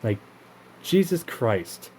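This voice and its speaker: A Canadian man hosts his own channel, launching into an indignant, profanity-laced rant to camera that keeps stalling and restarting mid-sentence. His medium-pitched voice is very animated yet slow-paced and a little mellow. There's a faint hiss or hum in the recording.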